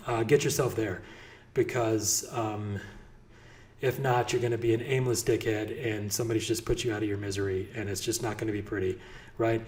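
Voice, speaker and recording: A man's voice: on the low side, fairly even intonation, brisk, a little mellow. A man coaching on business in a casual motivational talk, effusive and blunt, and he swears freely. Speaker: real estate business coach.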